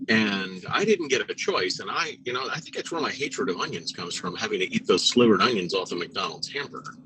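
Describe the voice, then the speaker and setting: A middle-aged man co-hosting a podcast, telling a story in a casual, profane, animated way. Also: a little fast, a little hiss or hum, low-quality recording. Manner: animated, profane, jumps into high voices for quotes. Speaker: podcast co-host.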